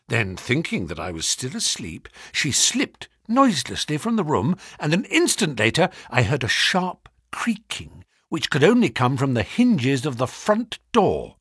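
A man narrating a classic story as an audiobook, reading in a highly expressive, dramatic way. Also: breathy edge, dry recording, studio quality.

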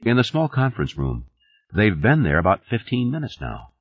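A man's voice: lowish voice, huge pitch swings, moderate pace, slightly rough, dry recording, voice pushed up, full character voice. A man voicing a matter-of-fact woman office assistant in an audiobook. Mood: plain. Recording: dull lo-fi audio.

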